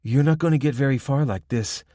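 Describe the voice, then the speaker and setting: A man voicing a confident, teasing young woman with a soft Spanish accent who runs an armed roadblock in an audiobook. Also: mid-range voice, fairly quick, no room sound, clean studio sound, pitched above the performer's own voice, close to an everyday voice. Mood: hard. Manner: mocking, playful, giggly. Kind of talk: audiobook character voice.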